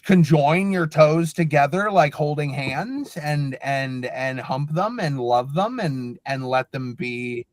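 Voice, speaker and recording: Podcast guy, deadpan, goofy mock-serious bits, dead dry sound. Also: a little high, slow pace, few pauses, no room sound. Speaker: podcast co-host. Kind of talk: joking casual chat.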